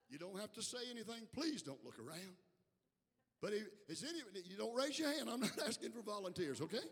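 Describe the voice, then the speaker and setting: A male bishop preaching a sermon in a church, swinging from quiet asides to shouted calls to the congregation. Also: high voice, gravelly, husky, big-room sound. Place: church sanctuary.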